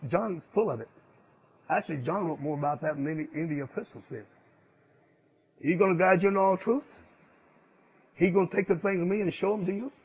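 Husky-voiced preacher. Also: male voice. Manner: swings from loud emphatic declarations to low hushed asides. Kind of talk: sermon. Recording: dull lo-fi sound.

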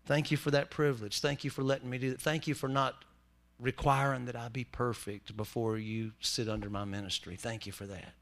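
A man's voice: mid-range voice, brisk, vocal fry. A man preaching a sermon in a church, folksy and full of jokes. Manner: folksy, joking preacher with lively swings in loudness. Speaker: pastor.

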